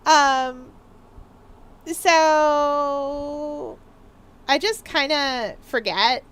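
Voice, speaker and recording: Speaking very slowly in a high, slightly bright voice, a woman streams a game and jokes around with her audience, full of ums and laughter. There's a little hiss or hum in the recording.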